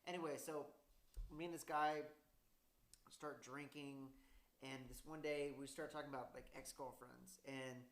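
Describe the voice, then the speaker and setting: A young man telling a story in casual chat, cursing a lot and rambling, getting louder and laughing as he gets worked up. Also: medium pitch, fairly even intonation, measured pace, reverberant.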